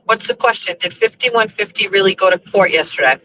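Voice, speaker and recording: A woman's voice: mid-range voice, brisk, bright, forceful tone, a little hiss or hum, low-quality recording. Rambling, cursing woman host. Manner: rambling, profane, exasperated. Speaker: show host. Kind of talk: casual live chat while driving.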